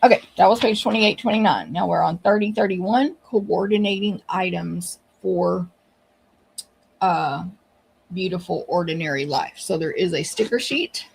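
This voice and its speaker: Woman craft host, gravelly and husky, chatty and gushing, casual walkthrough. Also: lowish voice, unhurried, rough recording. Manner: chatty, gushing, many fillers.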